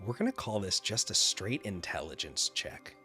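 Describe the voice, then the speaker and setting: A man's voice: lowish voice, big pitch swings, bright, forceful tone, husky, soft background music. Man narrating as game master. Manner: descriptive, measured narration with frequent fillers.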